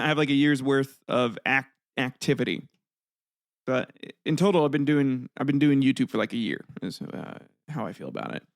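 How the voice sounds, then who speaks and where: Gravelly man chatting loosely. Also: medium pitch, no echo, clean studio sound. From United States. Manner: rambling, loose, full of fillers and chuckles. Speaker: podcast host. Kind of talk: casual solo podcast chat.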